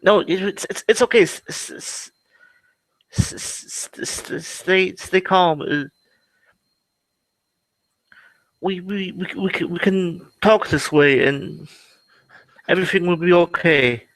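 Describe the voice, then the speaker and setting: A man plays a tabletop game and speaks in character, slow and halting as he soothes. His voice sits fairly high. The sound is close and dry. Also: a bit bright, no echo, rough recording. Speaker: player.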